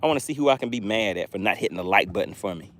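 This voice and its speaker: A man with a Southern US accent hosts a live fishing stream outdoors, reading viewer comments aloud and laughing often in a friendly, chatty manner. His voice is fairly low, animated, rapid-fire and a bit bright, with a little hiss or hum on the recording.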